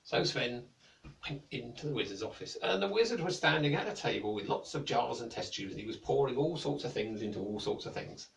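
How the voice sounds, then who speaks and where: A British man narrating a children's story in a gentle, playful, lilting way. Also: mid-range voice, expressive, a little fast, creaky, a little hiss or hum. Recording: echoey room, mic at a distance.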